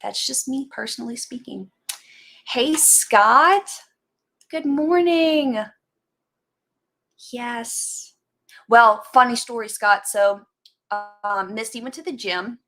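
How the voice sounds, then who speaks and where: A woman's voice: fairly high pitch, fairly even intonation, measured pace, a bit bright. A woman hosting a casual live stream, chatting in a rambling way and greeting viewers by name as they join. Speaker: livestream host chatting with viewers.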